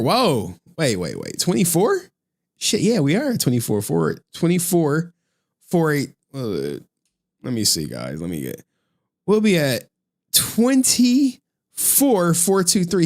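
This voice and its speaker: Animated, profane male live streamer. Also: fairly high pitch. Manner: profane, chatty, exasperated with his chat. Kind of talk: casual live stream commentary.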